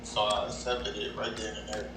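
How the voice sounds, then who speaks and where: Hombre de voz grave y monótona, lejana con ruido. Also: male voice, fairly low pitch, level tone. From Cleveland, Ohio. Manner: halting, many restarts and "like". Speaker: guest on a video call. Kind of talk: casual storytelling. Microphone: video call. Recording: distant echoey video call audio with noise.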